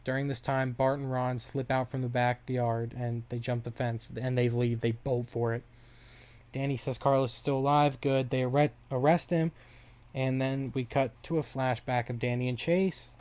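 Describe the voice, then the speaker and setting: A young man walks through a story in a loose, casual recap. His delivery is flat and even, and he trips over his words and circles back as he goes. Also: mid-range voice, moderate pace. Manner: rambling, filler-heavy retelling with restarts.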